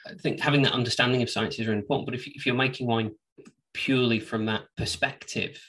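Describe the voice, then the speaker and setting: A man's voice: mid-range voice, fairly even intonation, fast talker, a bit bright, recorded from a distance, rough recording. A man co-hosting a casual wine podcast, telling rambling, self-deprecating stories. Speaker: podcast co-host, wine trade. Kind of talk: casual chat.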